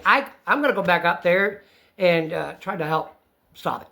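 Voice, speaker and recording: A man with a Maine accent telling a story in casual chat, loud and excitable, swearing freely. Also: high-pitched, brisk, vocal fry. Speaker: witness telling his story.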